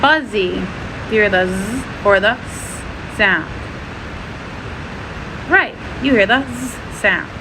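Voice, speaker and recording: A woman teaching a first-grade phonics lesson, sounding out letters and words slowly and clearly. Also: medium pitch, noisy background.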